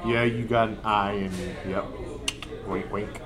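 A man in casual banter, teasing his friend while reading aloud haltingly. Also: on the low side, steady tone, over loud music.

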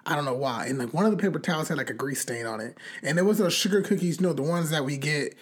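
A young woman in casual chat, telling a long story in a rambling, animated way, full of fillers and cussing. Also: sits low, quick pace.

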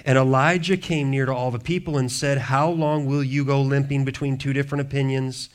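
A man preaching a sermon, reading scripture aloud and breaking off into joking asides, swinging from hushed to loud. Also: mid-range voice, steady tone, fairly quick. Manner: reads scripture then riffs with humor and asides. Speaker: pastor.

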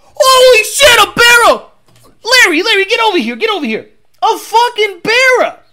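A squealing, overexcited car-meet onlooker, as a streamer puts him on, calling out to buddies in a voice pitched far above normal speech. It swoops up and down, loud and gushing. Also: big pitch swings, normal speed, heavily acted. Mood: amazed.

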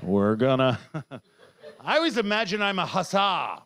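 A middle-aged man performing a rambling, self-heckling stand-up set, now and then bursting into shouts. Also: on the high side, sing-song, unhurried. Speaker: stand-up comedian.

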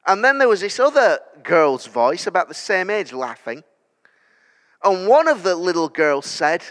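A man in his thirties preaching a sermon in a church, telling stories that build to loud declarations. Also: sits high, sing-song, a little slow. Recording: long church hall reverb.

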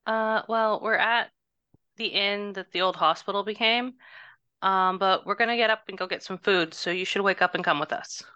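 A woman's voice: mid-range voice, pushed and bright, smooth, no room sound. A woman playing a tabletop game, speaking hesitantly, half in character. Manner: hesitant, halting. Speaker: player. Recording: dull lo-fi mic.

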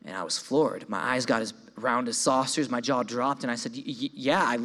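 Young man telling a lively testimony. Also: medium pitch, brisk, few pauses. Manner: animated storytelling, voices his own quoted thoughts; repeats words when excited. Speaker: speaker giving a testimony. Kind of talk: sermon testimony. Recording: long hall reverb.

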